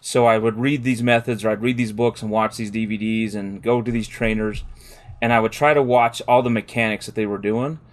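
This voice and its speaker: A man co-hosting a dog-training podcast, chatting casually and telling lively stories with laughter. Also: fairly low pitch, brisk. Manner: animated storyteller, laughs often, acts out quotes. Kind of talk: casual chat.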